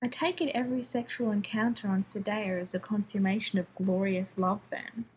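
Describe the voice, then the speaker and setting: A woman's voice: mid-range voice, steady tone, moderate pace, a little mellow, a little hiss or hum, close to an everyday voice, low-quality recording. Woman voicing a prickly sarcastic scientist man. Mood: indignant. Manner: sarcastic, indignant retorts.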